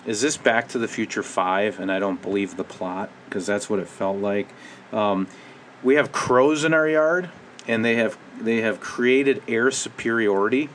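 Man, middle-aged, from Minnesota, low voice, casual rambling monologue, wry. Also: a bit bright, slight background noise. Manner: rambling, wry, restless pace. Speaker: podcast host.

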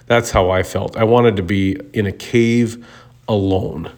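A man from Minnesota talks through funny stories as a show host, in a voice a little lower than most. He rambles, jokes and restarts, and his pitch jumps up when he gets excited. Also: measured pace. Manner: rambling, joking storyteller with hesitant restarts. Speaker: podcast host. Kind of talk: casual monologue.

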